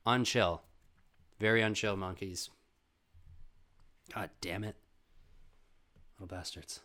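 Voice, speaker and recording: A young man telling a comedic story, animated and swearing, calling listeners bro and dude. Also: sits low, slow.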